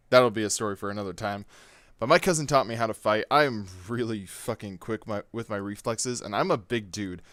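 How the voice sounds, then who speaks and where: A man's voice: mid-range voice, smooth, no echo. A man casually telling a personal story, rambling with lots of fillers and swearing. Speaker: gaming YouTuber.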